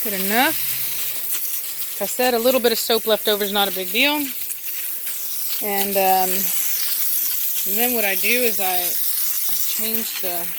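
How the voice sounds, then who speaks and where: A woman's voice: mid-range voice, measured pace, long pauses, noisy background. A woman dog breeder chatting casually while doing outdoor chores, often cooing baby talk to her dogs.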